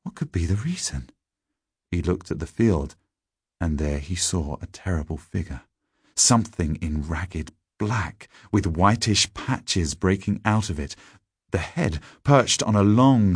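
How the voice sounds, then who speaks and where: A man reading a story aloud in a measured, deliberate audiobook narration. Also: sits low, slightly rough, no echo, clean studio sound.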